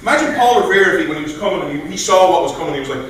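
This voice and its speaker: A man giving an animated speech at a political meeting, telling stories and acting out quoted voices. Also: a little high, racing, few pauses. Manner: animated, storytelling with mock voices. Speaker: guest speaker. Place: meeting room. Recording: echoey room from far off.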